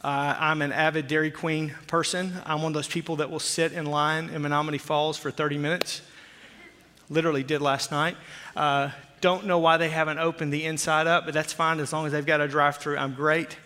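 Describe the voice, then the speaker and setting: A man in his forties from Oklahoma, a pastor preaching a sermon with jokey, animated storytelling. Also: on the high side, brisk. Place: church sanctuary. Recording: long hall reverb.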